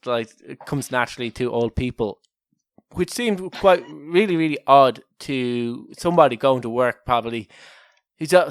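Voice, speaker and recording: A man's voice: mid-range voice, no echo, clean studio sound. An Irish man co-hosting a casual comedy podcast, telling a story in a jokey way and laughing often at his own lines. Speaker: podcast co-host.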